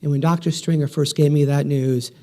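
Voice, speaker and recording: A man's voice: fairly high pitch, steady tone, a little fast, warm tone. A man in his forties giving a motivational keynote speech, telling stories with energy and a punchy rhythm. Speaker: keynote speaker.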